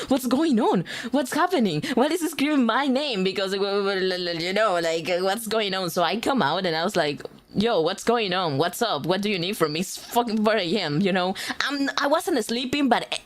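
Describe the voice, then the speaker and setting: A young adult woman streamer in casual livestream chat, telling a rambling story full of swearing and laughter while greeting viewers. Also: medium pitch.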